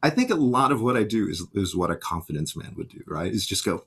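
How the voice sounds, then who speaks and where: A middle-aged man, a guitarist and music teacher, telling lively anecdotes in a casual interview and acting out the voices of the people he quotes. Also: fairly low pitch, quick pace, breathy edge.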